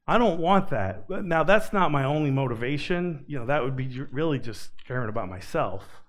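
A man preaching a sermon as pastor, earnest and emphatic, rising to loud urgency and dropping to quiet pleading. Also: on the high side, lively intonation, moderate pace.

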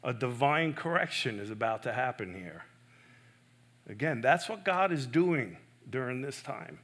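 Slow, bright-voiced man preaching. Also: mid-range voice, expressive. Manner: emphatic, swinging between loud stresses and soft hushed asides; self-correcting, personal and earnest. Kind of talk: sermon.

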